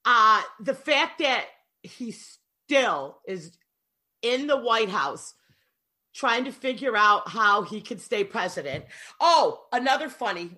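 A woman's voice: on the high side, takes it slowly. A woman co-hosting a casual podcast, chatting and reacting expressively. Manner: expressive, reacts with gasps and exclamations. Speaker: podcast co-host. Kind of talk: casual gossip chat.

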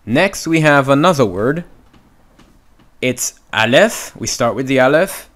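A man's voice: mid-range voice, expressive, a little slow, fairly bright tone. A man teaching Hebrew reading in a video lesson, sounding out syllables and often checking in with "okay?". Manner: patient, repetitive, checks in with "okay?".

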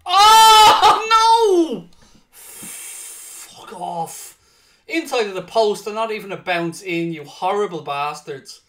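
A man hosting and commentating on his own football video game, excitable and swearing loudly in frustrated outbursts, sounding tired. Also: high voice, slow pace, a little hiss or hum. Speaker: gaming streamer and host. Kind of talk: live gaming commentary.

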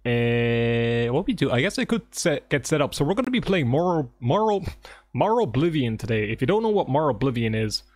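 Excitable, joking male game streamer. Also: on the high side, fast, slightly rough, no echo. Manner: excitable, joking, swears often. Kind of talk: casual livestream chat with viewers. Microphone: desk microphone.

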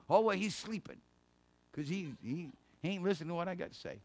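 A middle-aged male pastor giving a sermon in an emphatic, conversational way, with laughs and quick asides. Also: high voice, expressive.

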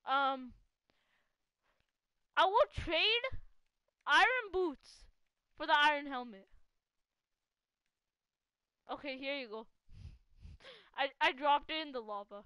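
A woman giving casual live gameplay commentary as a gaming channel host. She is excitable, laughs often and teases a teammate. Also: high voice, slow, pauses often, no echo.

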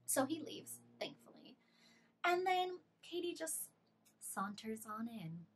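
A young woman vlogger telling an animated, exasperated storytime about a bad living situation. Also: high voice, slow pace, slight background noise. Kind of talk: storytime vlog.

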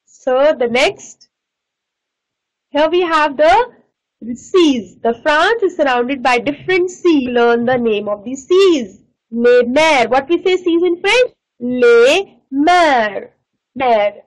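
High-voiced teacher drilling French words slowly. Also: female voice, rough recording. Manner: slow, repeats each word for pronunciation drills. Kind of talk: online class lesson.

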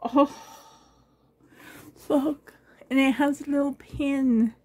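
A woman unboxing gifts in a vlog, gushing with breathy exclamations and sounding shaky and emotional. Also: high voice, fairly even intonation, slow pace, a little mellow. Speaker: reborn doll collector vlogger.

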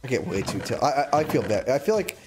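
A man's voice: mid-range voice, big pitch swings, fast, over music. A man in his twenties, a streamer in casual live chat, ranting in an agitated, rambling way with many restarts. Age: 20s.

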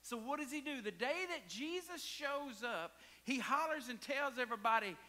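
Man, pastor, sermon, high voice, bright tone, whispers and hollers. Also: animated, normal speed, hardly any pauses, big-room sound. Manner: dramatic preaching, swinging from hushed whispers to hollering.

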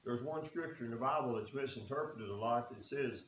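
A man's voice: mid-range voice, fairly quick, a bit bright. A man preaching a sermon in a church, folksy and earnest, reading scripture aloud. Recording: echoey room with faint hiss.

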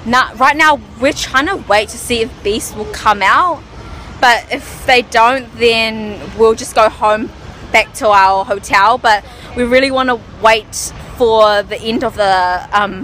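Bright high woman, hoarse from screaming. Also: a little hiss or hum. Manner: gushing, breathless. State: losing her voice. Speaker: vlogger. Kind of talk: excited fan vlog.

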